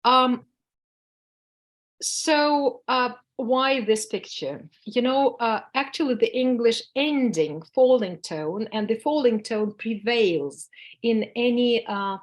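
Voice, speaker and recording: A woman's voice: a little high, takes it slowly. A woman with a Russian accent, a native Russian speaker, teaching a workshop on public speaking, speaking hesitantly with frequent fillers and restarts. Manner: demonstrates tongue twisters with exaggerated falling tones. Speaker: workshop instructor. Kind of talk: lecture to a workshop audience.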